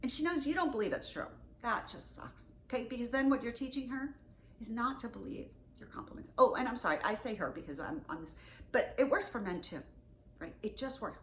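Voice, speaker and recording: A woman relationship coach talks straight to camera with a bright, slightly high voice that swoops around constantly. She is frank and animated, hitting some words hard and letting others fall to soft asides. The room echoes noticeably, with a faint hum underneath. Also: brisk. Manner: animated, candid, swings between loud emphasis and soft asides. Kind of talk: direct-to-camera advice talk.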